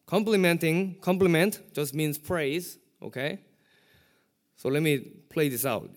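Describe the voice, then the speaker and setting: Middle-aged guy preaching, lively up and down delivery, asks the crowd questions. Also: on the high side, a little slow. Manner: animated preaching, rhetorical questions. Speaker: pastor. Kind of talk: sermon.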